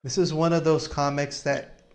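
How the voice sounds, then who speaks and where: Halting male stream host. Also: fairly high pitch. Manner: relaxed, halting, with many restarts. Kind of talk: casual chat on a live stream.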